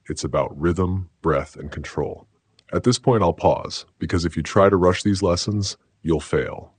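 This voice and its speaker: A man giving scripted self-help narration in a slow, measured, declarative way. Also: low-pitched, breathy edge, dry recording.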